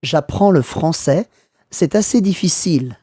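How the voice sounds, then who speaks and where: Male language teacher, mellow and dry, clear slow delivery for learners. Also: on the high side, animated, no echo. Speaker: French teacher. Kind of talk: scripted lesson narration.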